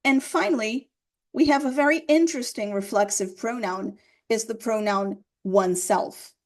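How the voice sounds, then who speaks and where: Woman teaching grammar, fairly high. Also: normal speed. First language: Portuguese. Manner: explains patiently, repeats examples, checks with "right?". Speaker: English teacher. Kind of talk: grammar lesson explanation.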